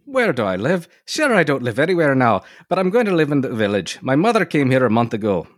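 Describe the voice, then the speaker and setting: A man's voice: mid-range voice, huge pitch swings, fairly quick, dry recording, clean studio sound, pitched above the performer's own voice. A man voicing a brash, hot-tempered young Irish boy in an exaggerated put-on Irish brogue, reading aloud with friends. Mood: cheery.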